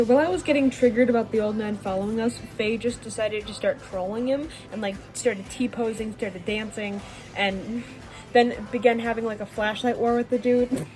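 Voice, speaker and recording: A woman's voice: fairly high pitch, normal speed, music in the background, rough recording. A teenage girl narrating her vacation vlog in a rambling, chatty way, full of fillers and restarts. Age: teens. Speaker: vlogger. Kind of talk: casual voice-over storytelling.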